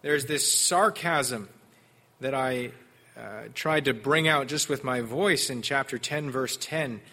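A man preaching an expository sermon, earnest and measured. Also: mid-range voice, bright, forceful tone. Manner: earnest expository preaching, mimics sarcastic voices in quotes.

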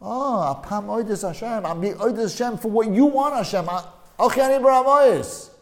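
Man putting on a devout biblical woman, fervent, pleading, raised pitch. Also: moderate pace. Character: biblical matriarch Leah, humbly accepting God's will.

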